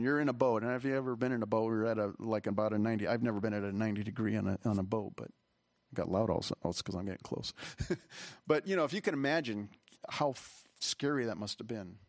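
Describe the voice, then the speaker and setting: Male pastor, mid-pitched, earnest and rambling, close and dry sound. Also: dry recording. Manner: rambling, earnest, with many restarts and fillers. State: emotional, voice catching. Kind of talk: conversational sermon. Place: church hall.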